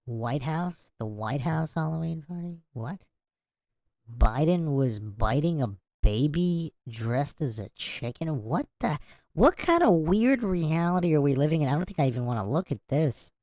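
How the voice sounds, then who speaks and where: Low, dark-voiced woman podcast host. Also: expressive, a little slow, no room sound. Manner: reads passages and breaks off to react with incredulous asides. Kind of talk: casual commentary and reading aloud.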